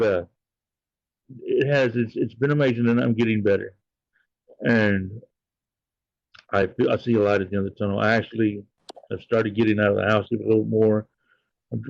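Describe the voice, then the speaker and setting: A man's voice: mid-range voice, creaky, dry recording. Man, livestream host, heartfelt and rambling, dead dry room, slightly muffled audio. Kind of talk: casual livestream chat.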